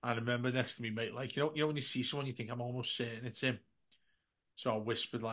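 A man co-hosting a football podcast, telling animated anecdotes, acting out the dialogue and calling everyone mate. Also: mid-range voice, fast talker. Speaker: podcast co-host. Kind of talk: casual storytelling.

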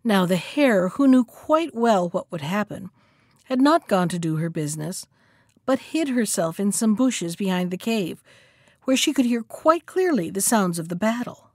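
A woman reading a folktale aloud as a storyteller, lively in the quoted lines. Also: mid-range voice, normal speed, no room sound, clean studio sound. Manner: expressive, acts out the characters' lines.

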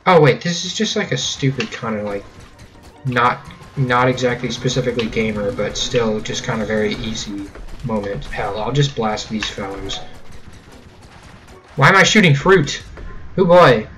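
A man's voice: medium pitch, normal speed, a bit bright, rough recording. A young man giving casual, jokey gameplay commentary with sarcastic running gags. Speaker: let's play host.

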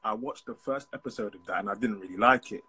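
A man's voice: lowish voice, quick pace, pushed and bright, slightly rough. A man with a British accent calling in to a live stream, chatting in a friendly way and laughing easily. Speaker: caller. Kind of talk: casual live video chat.

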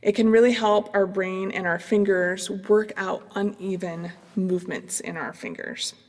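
A middle-aged woman, a clarinet professor, calmly explaining practice strategies in an instructional demonstration. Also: mid-range voice, unhurried, long reverb tail. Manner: calm, explanatory, with fillers.

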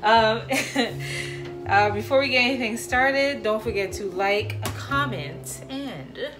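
A woman's voice: fairly high pitch, a little slow, over music. A woman hosting a cooking video, chatting casually with playful slang and joking asides. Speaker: cooking vlogger. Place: home kitchen. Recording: frying sizzle in background.

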